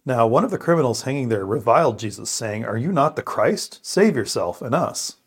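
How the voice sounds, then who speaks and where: A man's voice: medium pitch, animated, husky. A man praying, reading scripture aloud and reflecting in an earnest, thoughtful way. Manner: earnest, thoughtful, with pauses and restarts. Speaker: co-host of a scripture podcast.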